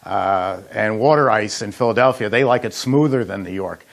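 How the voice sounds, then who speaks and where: A man's voice: on the low side, moderate pace, creaky. A middle-aged man casually demonstrating frozen dessert recipes in a kitchen, telling folksy anecdotes with plenty of fillers. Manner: folksy storyteller, chatty with frequent uh fillers. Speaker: ice cream machine company head demonstrating recipes.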